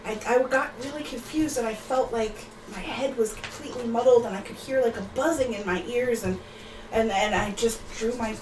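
Woman rambling through her turn at d&d, higher voice, roomy far-off sound with hiss. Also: moderate pace. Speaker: player. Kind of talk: casual tabletop play. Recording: echoey room away from the mic, hiss.

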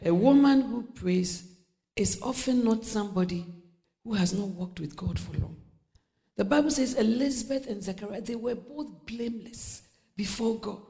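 A woman's voice: a little high, warm tone. A middle-aged woman preaching a sermon, telling stories with laughter, acting out voices and dropping to near-whispers.

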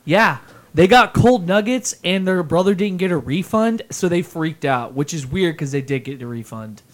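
A man's voice: on the high side, expressive, normal speed. A man co-hosting a radio show, jokey and teasing as he reads the news. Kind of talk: casual radio banter.

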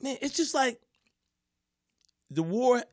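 A man's voice: very high-pitched, expressive, slow, darkish tone. A man who is a stand-up comedian, casually telling a story and acting out the voices and noises of the people in it.

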